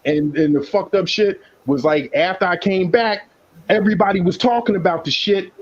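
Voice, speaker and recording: A fairly high-pitched man rants in a heated, profane, boastful way. He talks loosely as a panelist on a live stream. The audio is dull and lo-fi. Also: moderate pace. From South Side of Chicago. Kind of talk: casual chat, ranting.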